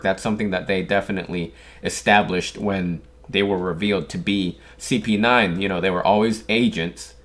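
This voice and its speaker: A man's voice: lowish voice, fairly bright tone. A man casually reacting to a manga chapter, exclaiming often as he reads the panels aloud.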